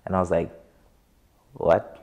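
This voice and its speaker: A man with a South African accent, recalling his time teaching abroad in a slow, low-key documentary interview. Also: a little mellow.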